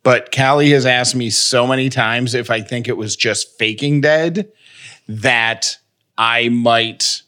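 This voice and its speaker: A man co-hosting a casual podcast with a bright, forward voice at a middle pitch. He keeps a steady tone and slips in dry jokes. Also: slow. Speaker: podcast co-host. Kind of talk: casual chat.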